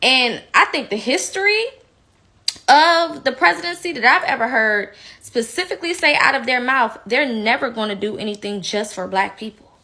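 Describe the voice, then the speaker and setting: A woman's voice: on the high side, lively intonation, normal speed, bright, forceful tone. A woman giving heated, blunt opinion commentary, indignant and outspoken. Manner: slips into mocking impressions.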